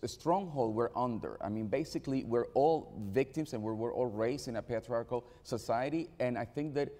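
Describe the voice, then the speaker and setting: Man telling a halting story in a hall. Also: medium pitch, mellow. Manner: halting, with many repeated restarts. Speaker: panel speaker. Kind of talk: storytelling at a panel talk. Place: event venue on stage. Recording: reverberant hall.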